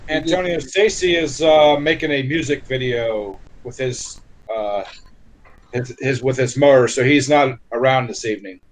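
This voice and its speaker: A man's voice: mid-range voice, moderate pace, low-quality recording. A man co-hosting a casual live stream, joking and teasing the others. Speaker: co-host.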